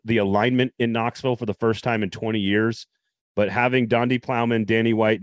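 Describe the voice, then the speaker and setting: A man's voice: on the low side, dry recording. A man hosting a talk show, asking a guest questions and then giving commentary. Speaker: radio show host. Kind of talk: casual interview and commentary.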